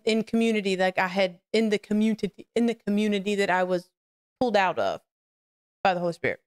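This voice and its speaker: A woman's voice: mid-range voice, clean tone. A woman hosting a live-streamed faith podcast, talking candidly and rambling as she greets her chat and shares personal reflections. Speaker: podcast host.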